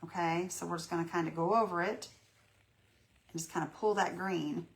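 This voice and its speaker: A folksy woman chats through a live painting demo, warm with her viewers and talking herself through every brushstroke. Her voice sits fairly low and has a gravelly, fried edge. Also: fairly even intonation, moderate pace. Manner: chatty, folksy, greets viewers by name, self-reassuring. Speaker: craft livestream host. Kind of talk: casual live painting tutorial.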